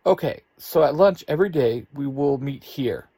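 A man's voice: medium pitch, lively intonation, normal speed, creaky, mellow, breathy edge, no echo. A man voicing a proud, nonchalant teenage genius in a storybook reading. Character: nonchalant teen boy genius.

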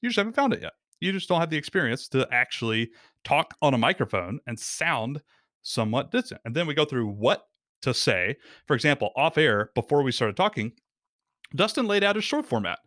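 A man explaining podcasting as a guest in a casual talk, lively and acting out little quotes. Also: medium pitch, moderate pace, no room sound, clean studio sound.

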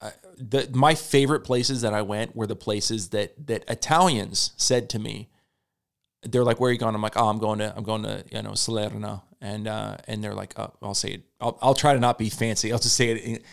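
A man and stand-up comedian in casual podcast chat, rambling, repeating words, swearing and quoting people in quick asides. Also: fairly low pitch, steady tone, gravelly.

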